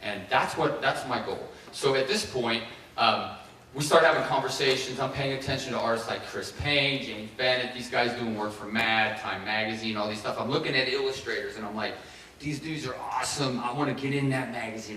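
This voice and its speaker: A man's voice: medium pitch, fairly quick. A middle-aged man from Ohio tells his story in a keynote, acting out the voices of the people he quotes. He sounds far from the mic in a strongly echoing hall, with faint room noise behind him. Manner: animated, acts out quoted voices. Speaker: keynote speaker. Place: large conference hall. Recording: echoey hall, heard from far off.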